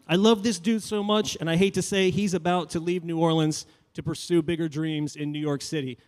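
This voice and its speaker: A man doing animated stand-up comedy as host of a live show on a handheld mic. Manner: animated, jumps to high shouts in quoted asides.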